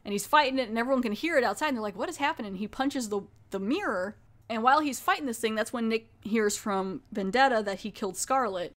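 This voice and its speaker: A woman's voice: fairly high pitch, fast talker, fairly bright tone. A woman hosting a podcast, casually recapping a TV horror episode in a rambling, conversational way, with lots of "like". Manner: rambling, filler-heavy, conversational. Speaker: podcast host.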